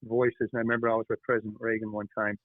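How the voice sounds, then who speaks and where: A man, the guest author, telling animated stories in an interview, halting and restarting often. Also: lowish voice, no room sound. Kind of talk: storytelling interview chat. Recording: tinny phone-like line.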